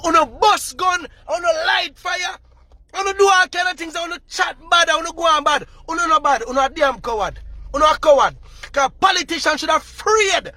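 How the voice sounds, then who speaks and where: A man with a Jamaican accent delivering a furious, repetitive political rant to his viewers, often shouting. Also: extremely high pitch. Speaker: vlogger.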